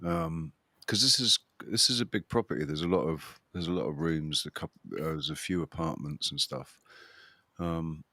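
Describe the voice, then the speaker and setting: A man with a very deep, low voice chats casually as a livestream host. He rambles and restarts his sentences often, breaking into a chuckling laugh. The sound is dry and close, with almost no room echo. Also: normal speed, pushed and bright. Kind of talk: casual chat.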